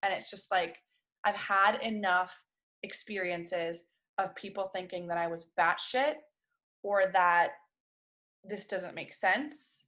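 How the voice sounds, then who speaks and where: A woman guest in an interview, speaking candidly in a halting, intense way. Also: lowish voice, pushed and bright. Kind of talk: conversational interview.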